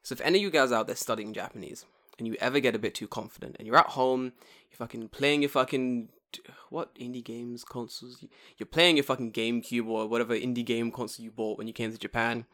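A man's voice: medium pitch, fairly even intonation, fast, a bit bright. Brief: young male host, loose banter, swears freely, always joking. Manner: profane, joking, laughs often. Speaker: podcast host. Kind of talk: casual chat.

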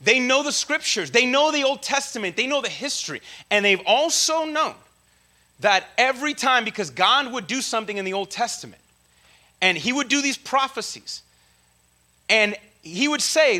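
A man's voice: very high-pitched, animated, normal speed, sharp tone. A man preaching a casual teaching sermon, talking in a slangy, conversational way with many asides and check-ins to the audience. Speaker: preacher teaching a Bible study.

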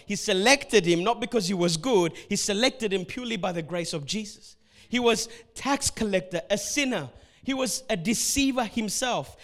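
A man from Ethiopia preaching a sermon as pastor, animated and acting out the people he quotes. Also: high-pitched. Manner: animated, acts out quotes in shifting voices.

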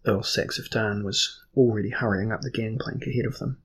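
A man narrating a fantasy audiobook in steady, measured storytelling. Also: fairly low pitch, creaky, breathy edge, rough recording.

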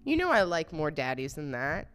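A woman's voice: low voice, sing-song, normal speed, a bit bright, soft background music. A woman giving casual, blunt and profane commentary, laughing often as she reacts to a video.

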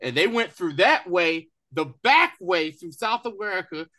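Guy recapping a tv episode with his cohost, high bright voice, acts out all the lines. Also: moderate pace. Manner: animated storytelling, acts out quotes. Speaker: co-host of a TV review show. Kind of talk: casual recap chat.

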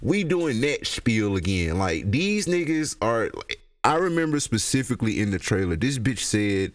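A young man, high and rambling through a casual, profane solo podcast rant. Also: very animated, moderate pace. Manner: rambling, profane, laughs a lot. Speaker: podcast host.

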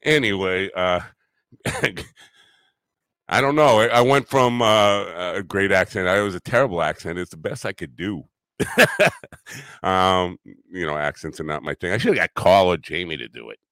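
A man's voice: low-pitched, normal speed, a bit bright, dry recording. A man hosting a podcast, talking casually and at length, self-deprecating and full of fillers. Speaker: podcast host.

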